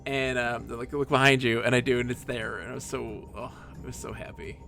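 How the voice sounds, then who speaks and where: Streamer, male, gravelly mid-pitch voice, chatty and rambling, faint game music under. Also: a little fast. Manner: chatty, rambling, animated asides. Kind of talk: casual storytelling while playing a game.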